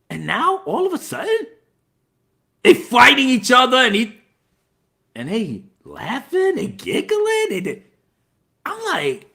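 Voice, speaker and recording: A man retells a film scene by scene in a loud, mocking, profane review. His voice sits very high and carries a gravelly fry. The tone is bright and sharp. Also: takes it slowly, pauses often. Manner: animated, mocking, profane, bursts into laughter and mimicry. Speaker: movie reviewer. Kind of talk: casual spoken movie review.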